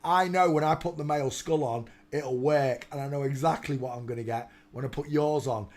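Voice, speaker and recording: A man's voice: medium pitch, fairly quick, darkish tone. A man hosting a casual live stream, rambling, mocking and often breaking into laughter.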